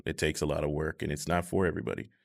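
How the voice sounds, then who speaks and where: A man in his thirties in a casual conversation, talking in a measured, reflective way with many fillers. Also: extremely low pitch, gravelly. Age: 30s.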